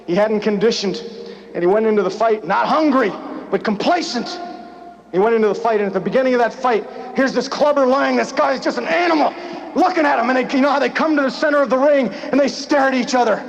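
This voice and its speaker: High-voiced man preaching at a rally. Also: fast, vocal fry. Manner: preaching, repetitive, punchy, builds to shouts. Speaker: motivational business speaker. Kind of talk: motivational rally speech with storytelling. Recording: dull lo-fi live tape, faint noise.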